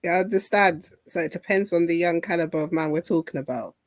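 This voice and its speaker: A woman with a fairly low voice joins a casual live debate as a guest. She speaks firmly and lectures a little, pressing others with pointed questions. The recording is dry and close. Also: a little fast, no echo.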